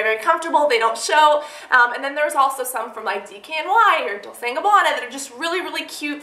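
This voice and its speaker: A woman's voice: a little high, pushed and bright. Chatty young woman vlogger, echoey room. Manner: chatty, rambling, many fillers. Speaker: beauty vlogger. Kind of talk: casual chat to camera.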